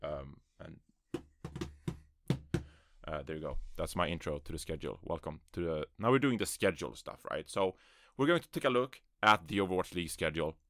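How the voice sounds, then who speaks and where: A man's voice: extremely low pitch, brisk, fairly bright tone, dry recording. A man hosting his first solo esports podcast from a closet on a USB microphone, rambling and offhand, with self-deprecating asides. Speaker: podcast host. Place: small closet.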